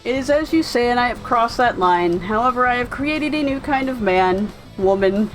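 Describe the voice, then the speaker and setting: A woman's voice: a little high, expressive, normal speed, soft background music, natural voice, poor audio. A woman voicing a scheming, pompous male villain doctor who gloats with a theatrical laugh. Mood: gloating.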